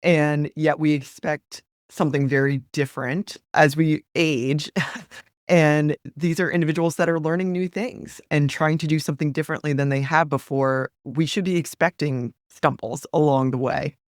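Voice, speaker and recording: A woman's voice: sits low, steady tone, moderate pace, no room sound, studio quality. A woman hosting a podcast interview, affirming her guest and asking long, thoughtful questions. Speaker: podcast host.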